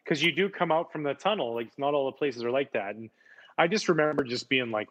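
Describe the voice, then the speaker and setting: A man's voice: medium pitch, expressive, fairly quick, fairly bright tone, highs cut off. A man, a former baseball player, chatting casually and telling enthusiastic stories about his playing days, often repeating words for emphasis. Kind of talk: casual chat, storytelling.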